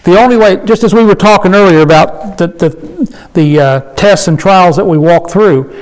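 A man leading an informal Bible study, reading verses slowly and then explaining them plainly, asking the group questions. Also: high voice, low-quality recording. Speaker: Bible teacher.

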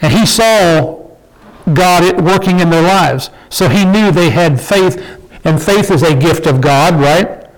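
A man's voice: high voice, unhurried, low-quality recording. An older man teaching an informal Bible study in a folksy way, often checking in with his listeners. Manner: folksy, asks the group "okay?" and "did we?".

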